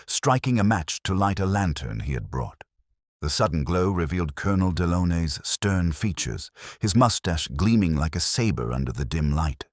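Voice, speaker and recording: Man, very low voice, scripted narration, measured, lively intonation. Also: no room sound, studio quality. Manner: measured storytelling.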